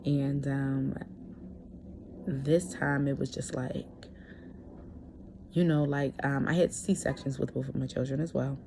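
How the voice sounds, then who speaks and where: A woman's voice: extremely low pitch, fairly even intonation, slow, gravelly, long pauses, dark tone, a little hiss or hum. A young adult woman talking candidly in a personal vlog, hesitant, with many fillers and restarts. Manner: candid and earnest. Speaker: vlogger.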